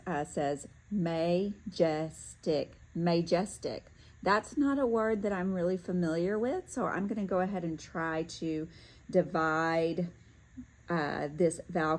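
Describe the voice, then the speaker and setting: A woman teaching a lesson, talking through each step calmly as she works, with occasional fillers and self-corrections. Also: on the low side, low-quality recording. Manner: talks to herself while working through steps, with fillers. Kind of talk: step-by-step classroom demonstration.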